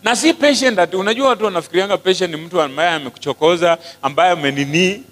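A man preaching a sermon, mixing English and Swahili, animated and often asking the congregation questions. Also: sits high, very fast. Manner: switches between English and Swahili, animated, asks the crowd questions. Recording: hall with long reverb and mains hum.

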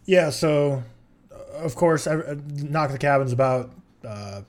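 A man's voice: fairly high pitch, lively intonation, measured pace. A young man, a podcast co-host, chatting casually and rambling through his film opinions with frequent restarts. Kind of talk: casual chat.

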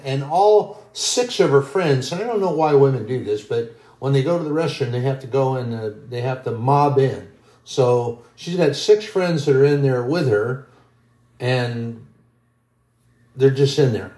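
A man's voice: mid-range voice, dark tone, reverberant. A man preaching a sermon, telling a long everyday story in a folksy, rambling way.

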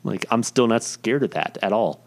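A man's voice: lowish voice, lively intonation, moderate pace. A young man casually telling a personal story in a rambling, profane, self-deprecating way.

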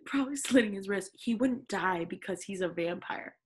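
A woman's voice: mid-range voice, expressive, moderate pace, slight background noise. A young woman co-hosting a casual chat, reading fan fiction aloud with blunt, profane, mocking commentary.

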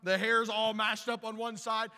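A man preaching a storytelling sermon, animated and stumbling over repeated words as he starts sentences. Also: high-pitched, normal speed, big-room sound.

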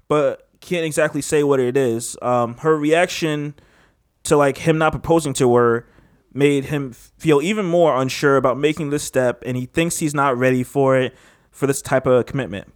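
A man's voice: a little high, no echo, studio quality. A young man hosting a casual podcast, laid-back, laughing often and stumbling when he reads aloud. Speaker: podcast host.

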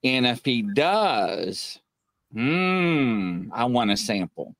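A man's voice: mid-range voice, sing-song, extremely slow, fairly bright tone, no echo. A man, hosting a casual live-stream chat and telling funny stories. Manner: joking storyteller, laughs often. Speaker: show host.

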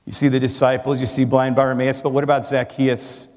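A man's voice: mid-range voice, little pitch movement, brisk, in a large hall. A man preaching a sermon in an earnest, emphatic way, asking his listeners rhetorical questions. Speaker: pastor.

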